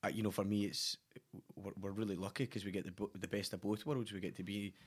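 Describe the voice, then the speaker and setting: Fast-talking Scottish man, low voice. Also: level tone, breathy edge. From Scotland. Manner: enthusiastic, lots of "you know" and restarts. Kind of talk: casual chat.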